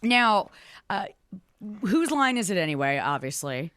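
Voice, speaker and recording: A woman's voice: mid-range voice, very animated, unhurried, noisy background. A woman radio host interviewing a guest in an upbeat way and laughing often.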